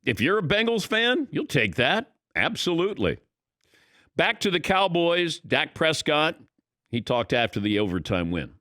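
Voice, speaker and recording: A man's voice: on the high side, big pitch swings, measured pace, pushed and bright, no echo, clean studio sound. A man hosting a sports talk radio show, giving conversational, opinionated commentary.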